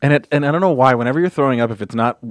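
A man telling stories in a casual podcast chat, animated, jumping into high voices for quoted lines. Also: racing, dry recording, clean studio sound. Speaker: podcast guest.

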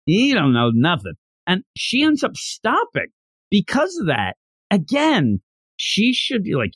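Man co-hosting a casual review chat; sarcastic, mimics characters, lively and a bit high. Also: a little slow, breathy edge, no echo. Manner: sarcastic, acts out characters' lines in exaggerated voices. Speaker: podcast host reviewing an anime.

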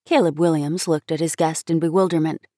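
A woman reading a classic story aloud in an expressive, measured way. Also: sits low, dry recording, studio quality. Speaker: story reader. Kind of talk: storybook narration.

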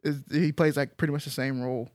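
A man co-hosting a podcast, chatting casually in a relaxed, rambling way with slang and fillers. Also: fairly high pitch, fast talker, no echo. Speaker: podcast co-host. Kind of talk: casual chat.

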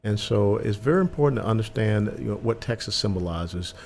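A man's voice: on the low side, animated, a little fast, creaky, darkish tone, a little hiss or hum. An older man from Atlanta, a military veteran, speaking earnestly and with emphasis as a guest on an interview show. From Atlanta, Georgia, US. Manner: earnest, emphatic, repeats words when starting. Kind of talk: conversational interview.

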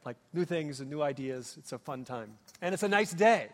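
A man's voice: fairly high pitch, lively intonation, normal speed. A middle-aged man from Minnesota with a Minnesotan accent, preaching a sermon in a folksy, humorous storytelling way with plenty of fillers. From Minnesota, USA. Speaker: pastor. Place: church sanctuary. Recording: long reverb of a large hall.

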